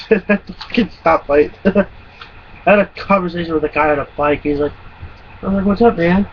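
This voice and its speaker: A man of around twenty, a vlogger, tells stories casually, rambling and swearing and often laughing. His voice is on the high side at normal speed, and the recording is muffled and lo-fi with a faint hum.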